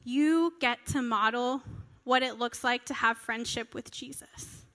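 High bright woman preaching in a reverberant hall. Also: a little slow. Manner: earnest, conversational, acts out quoted prayers. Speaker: pastor. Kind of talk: sermon. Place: church hall.

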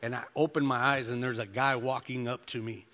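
Mixing scripture with his own testimony, a man preaches a sermon as pastor in a relaxed style peppered with "you know" and "man." He speaks briskly at a medium pitch, his tone steady, pushed and bright, with long hall reverb on the recording.

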